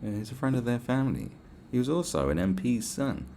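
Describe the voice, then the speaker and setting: Animated man ranting, gravelly voice. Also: medium pitch, brisk. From England. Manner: animated, swearing, acts out quotes in raised voices. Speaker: podcast host. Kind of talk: casual storytelling rant.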